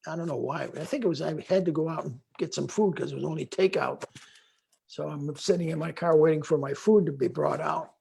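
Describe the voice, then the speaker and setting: A man's voice: fairly high pitch, vocal fry, breathy edge. An older man on a video call, telling rambling stories about former students as a guest speaker. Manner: rambling with restarts, animated retelling. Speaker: guest speaker, longtime voyage faculty. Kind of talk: conversational storytelling.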